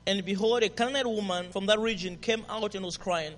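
High-voiced passionate preacher in a hall. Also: male voice, fairly quick, few pauses. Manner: passionate, swings from hushed to shouting. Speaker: pastor. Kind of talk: sermon. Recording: reverberant hall.

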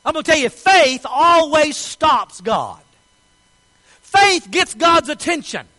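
High, bright-voiced impassioned male preacher. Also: low-quality recording. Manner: impassioned, swinging from soft asides to shouted declarations. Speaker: pastor. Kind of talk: sermon.

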